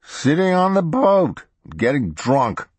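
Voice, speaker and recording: A man's voice: mid-range voice, expressive, slow, husky, dry recording, pitched above the performer's own voice, heavily acted. A man voicing a drunk middle-aged male art thief with slurred speech, read as an audiobook. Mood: sullen.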